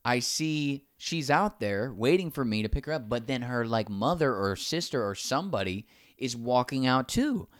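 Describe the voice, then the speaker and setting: A man's voice: medium pitch, normal speed, no room sound, clean studio sound. A man casually telling a long anecdote, acting out the other people's lines as he goes. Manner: animated, acts out quoted dialogue.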